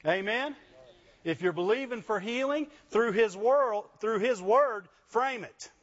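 A man's voice: sits high, measured pace, fairly bright tone, dull audio. A man preaching a sermon, punctuating his points with call-and-response questions to the congregation. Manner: call-and-response preaching, frequent "Amen?" and "Right?". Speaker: pastor.

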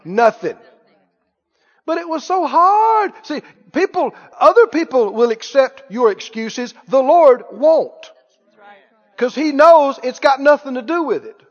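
High-voiced man preaching in a reverberant hall. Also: very animated. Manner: emphatic, repeats key phrases, quick asides with laughter. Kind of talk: sermon. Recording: muffled reverberant hall recording.

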